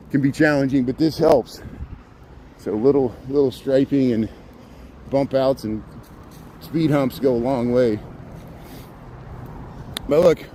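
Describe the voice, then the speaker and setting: A man's voice: mid-range voice, mellow, a little hiss or hum. A man hosting a walking livestream outdoors in a city park at dawn, rambling with repeated words and restarts, a little out of breath, talking into a handheld phone. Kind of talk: casual live walking commentary.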